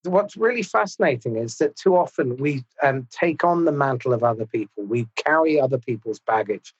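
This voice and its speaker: Husky, measured man on dull audio. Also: mid-range voice, animated. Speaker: podcast host. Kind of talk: reflective interview talk.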